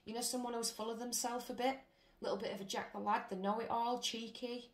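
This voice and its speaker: A woman's voice: a little high, flat delivery, a little fast. A British woman doing a casual tarot reading, blunt, chatty and full of swearing. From Britain. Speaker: tarot reader. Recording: roomy with faint noise.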